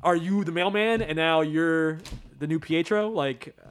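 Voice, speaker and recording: A man in casual chat about a TV show, excitable, laughing often and acting out quotes. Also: on the high side, unhurried, clear, resonant tone.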